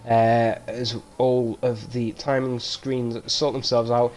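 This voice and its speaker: A man giving live race commentary on a stream, with casual, rambling, self-mocking banter that turns loud and excited when incidents happen. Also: medium pitch, takes it slowly. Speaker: sim racing league commentator.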